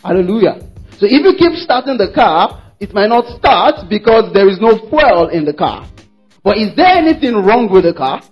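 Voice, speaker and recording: A man preaches with a high, husky voice, hammering points home and urging the congregation to repeat after him. He slips into quoted voices of troubled worshippers, then answers them firmly. The recording is dull and lo-fi, with faint music beneath. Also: very animated, normal speed. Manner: emphatic, repeats phrases, calls for congregation responses; acts out worshippers' quoted words in shifting voices. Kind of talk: sermon.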